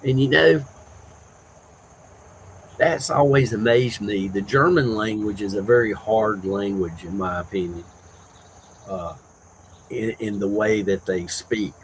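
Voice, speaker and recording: Slow, low, rough-voiced man. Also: a little hiss or hum, low-quality recording. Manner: relaxed, rambling, with many fillers. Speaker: livestream host. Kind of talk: casual chat with live viewers.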